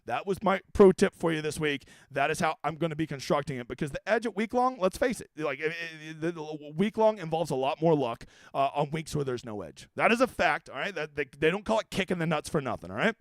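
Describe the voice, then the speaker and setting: High, animated brash man. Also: fairly quick, hardly any pauses, no room sound. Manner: brash, profane and excitable. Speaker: fantasy sports strategy host. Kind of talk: casual livestream commentary.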